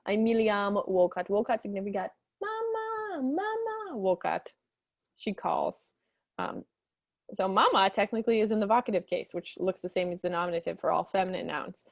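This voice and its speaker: A woman teaching Latin, reading lines slowly and then explaining them quickly in English. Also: vocal fry, a little mellow, no room sound. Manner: acts out characters with high squeaky voices. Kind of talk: explaining a textbook story.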